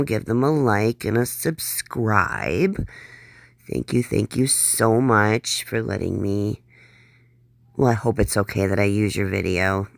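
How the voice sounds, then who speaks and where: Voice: mid-range voice, vocal fry, no echo. A reaction channel host giving blunt, sarcastic and profane commentary on a clip.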